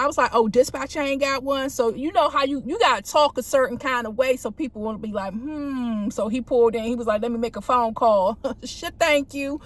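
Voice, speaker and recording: A woman with a high voice tells stories from her police work in a loose, casual way. She acts out radio calls and lifts her voice for them. She speaks from a parked car. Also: fairly bright tone. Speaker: police officer vlogger. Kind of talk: casual storytelling.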